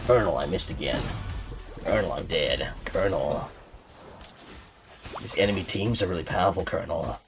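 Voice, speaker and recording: Male streamer doing a deep, hushed, mournful soldier reporting to his colonel. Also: normal speed, gravelly, long pauses, music in the background. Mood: glum. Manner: mournful, ends each line with "Colonel".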